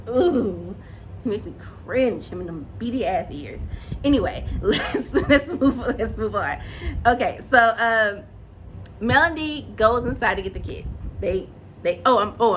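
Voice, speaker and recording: A woman giving an animated, opinionated recap of a reality show and acting out what the cast said. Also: medium pitch, slight background noise. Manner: animated, opinionated, acts out quotes. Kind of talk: casual recap and commentary.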